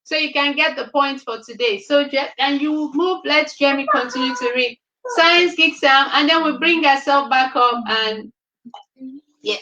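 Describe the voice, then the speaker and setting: A woman hosting a children's reading show over a video call, briskly questioning and coaxing the young readers like a teacher. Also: high-pitched, bright, forceful tone, reverberant, muffled recording, slight background noise. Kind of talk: casual chat quizzing children.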